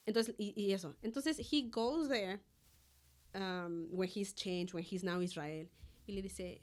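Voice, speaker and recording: A woman's voice: medium pitch, a little slow. A young woman co-hosting a podcast, chatting casually and switching between English and Spanish as she retells a story with animation. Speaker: podcast co-host. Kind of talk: casual chat.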